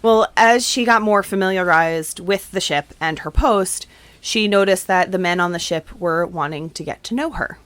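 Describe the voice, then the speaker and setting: Low-voiced woman host, dry sound. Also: moderate pace, fairly bright tone, dry recording. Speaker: podcast host. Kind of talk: narration and discussion.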